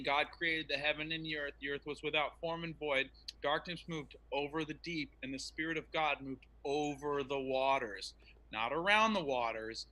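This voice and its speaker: A man speaking in an online debate over a remote call. His voice sits high and sounds very bright and sharp. He delivers his points in an emphatic, preachy way. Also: rough recording.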